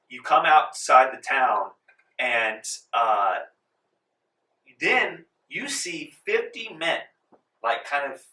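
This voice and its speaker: Man game master, casual rambling narration, very bright voice, echoey room, distant mic. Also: mid-range voice. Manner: casual, filler-heavy narration. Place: library meeting room.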